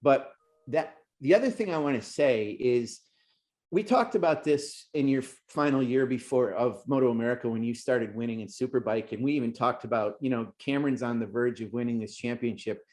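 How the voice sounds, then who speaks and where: A man's voice: a little fast, a little mellow. A man hosting a racing podcast, talking in a rambling, emotional way and getting worked up as he goes. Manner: emotional, rambling, pitch rising when worked up. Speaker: podcast host and race announcer. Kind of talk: casual podcast interview.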